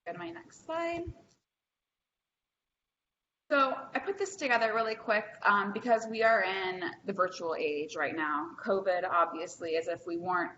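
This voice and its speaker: Bright-voiced woman presenting over an echoey call. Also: mid-range voice, normal speed, slight background noise. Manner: chatty, upbeat, frequent ums. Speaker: workshop presenter. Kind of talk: virtual training presentation. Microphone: video call microphone. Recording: echoey, dull lo-fi video call.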